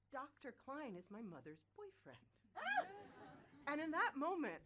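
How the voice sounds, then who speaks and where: A young woman telling a personal story in a lively, self-mocking way, with casual swearing. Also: on the high side.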